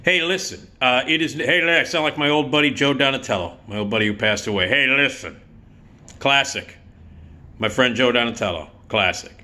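A man's voice: medium pitch, steady tone, fast, few pauses, bright, forceful tone. A man in his fifties hosting a casual storytelling vlog, rambling and profane with plenty of filler words. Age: 50s. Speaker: YouTube host.

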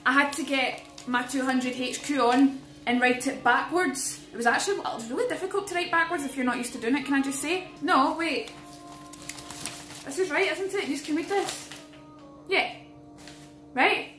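Woman streamer in her twenties, high-pitched, excitable and sweary, prone to sudden shrieks. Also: normal speed, soft background music. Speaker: livestreamer. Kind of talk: casual livestream chat.

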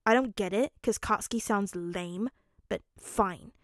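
A woman's voice: medium pitch, unhurried, no echo, studio quality, natural voice. A woman voicing a stubborn, bossy little boy who grumbles and calls others stupid, in a fanfic audiobook reading. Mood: grumpy. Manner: blunt, grumbling, insult-prone.

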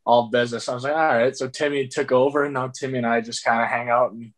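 A man's voice: medium pitch, flat delivery, fast talker. A young man in his twenties, a guest hockey player, chatting casually and laughing as he tells stories. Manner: laid-back, laughs while telling stories. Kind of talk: casual interview chat.

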